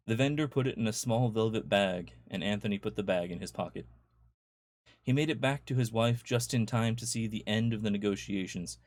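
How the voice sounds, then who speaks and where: A man reading his own dark short fiction aloud in a measured storytelling manner. His voice sits low. The recording is close and dry, with no room echo.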